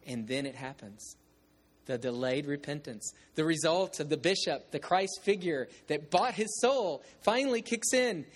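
A man preaching, retelling and reading aloud from a novel with expressive shifts and some halting restarts. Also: on the high side.

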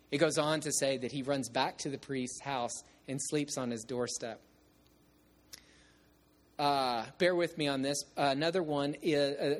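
A man preaches by retelling a novel, his voice sitting a little higher than most men's. He reads aloud with expressive shifts, stumbling into restarts now and then. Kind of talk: sermon retelling and reading a novel.

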